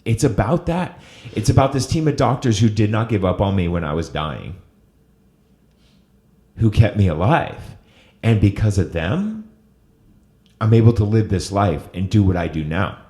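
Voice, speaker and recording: A man with a very deep voice, middle-aged, telling a personal recovery story to his guest. He talks earnestly and gets emotional, and his low voice stays steady under it. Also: normal speed, long pauses. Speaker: host. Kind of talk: interview storytelling.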